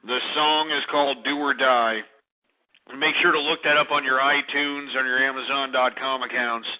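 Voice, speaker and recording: A man's voice: medium pitch, fairly even intonation, moderate pace. A man hosting a call-in radio show, out of breath and panting, rambling and swearing as he talks. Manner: rambling, swearing, tipsy-sounding. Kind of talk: casual call-in radio talk. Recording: tinny phone-line sound.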